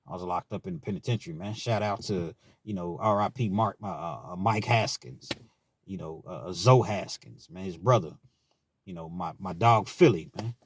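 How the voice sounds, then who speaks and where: A man's voice: sits low, normal speed, a little hiss or hum. A man from Kentucky telling stories from his time in prison, in a laid-back, frank way and often tagging his sentences with "man.". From Richmond, Kentucky, US. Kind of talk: casual storytelling monologue.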